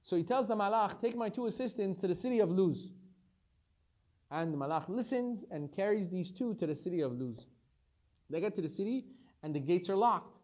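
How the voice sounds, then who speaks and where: Rabbi giving a torah lesson, high voice, super animated, acts out all the dialogue. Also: male voice.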